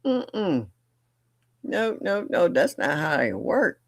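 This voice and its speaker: An older woman hosting a livestream, chatting casually and bluntly, telling family stories with animated delivery and laughter. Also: lowish voice, slow, no room sound, clean studio sound. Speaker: livestream host. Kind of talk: casual storytelling chat.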